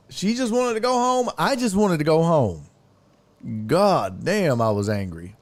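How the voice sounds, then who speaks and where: This fifties-aged podcast host has a fairly high, unhurried voice. He spins a funny yarn laced with profanity, animatedly performing other people's lines as he goes.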